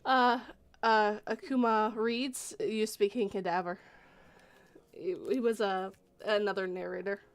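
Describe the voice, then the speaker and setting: A woman's voice: medium pitch, steady tone, measured pace. A woman hosting a casual livestream chat, talking freely and laughing often. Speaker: stream host.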